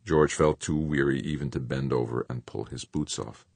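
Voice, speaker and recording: An audiobook narrator with a very deep, husky male voice delivers scripted narration at normal speed. His tone is darkish, and the recording has no room sound.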